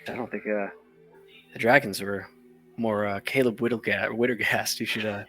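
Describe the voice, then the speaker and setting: A man's voice: on the low side, steady tone, normal speed, pushed and bright, faint music behind. A man playing a tabletop game, talking casually in and out of character. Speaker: player. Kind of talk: tabletop role-play.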